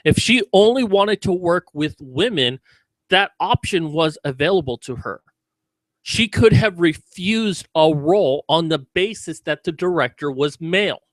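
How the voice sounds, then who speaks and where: A man's voice: on the high side, expressive, a little slow, no room sound. A man giving sarcastic, mocking commentary in a video about a news story.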